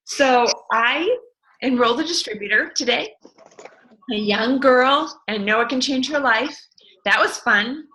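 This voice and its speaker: A middle-aged woman tells her story as an interview guest. She speaks with passionate, motivational energy, sometimes launching into an animated rant. Her voice is bright and forward, pitched a little high. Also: unhurried, poor audio. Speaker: network marketing distributor, guest. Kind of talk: enthusiastic motivational interview talk.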